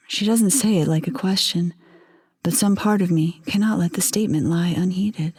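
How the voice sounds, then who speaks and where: A woman narrating a first-person story in a quiet, measured, intimate way. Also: on the low side, breathy edge.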